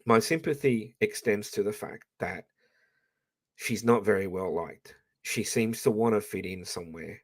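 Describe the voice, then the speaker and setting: A man's voice: on the low side, breathy edge. An Australian man ranting casually to his live-stream audience, blunt and profane, rambling with frequent restarts.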